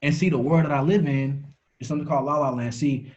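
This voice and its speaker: A man's voice: a little high, steady tone, quick pace, a little mellow, dull audio. A man giving a motivational talk on a call, preachy, repeating phrases for emphasis and restarting words as he goes. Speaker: motivational speaker.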